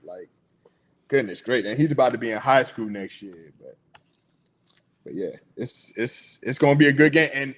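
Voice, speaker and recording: A middle-aged man hosting a casual sports talk show, chatty and hyped, laughing often. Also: medium pitch.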